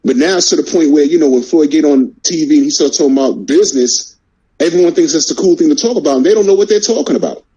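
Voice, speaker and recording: Husky guy ranting about boxing, mellow tone, keeps asking "you understand?". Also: fairly high pitch, quick pace, dull audio. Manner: fired-up, repeats words, rhetorical questions. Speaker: boxing show host. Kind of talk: casual boxing talk.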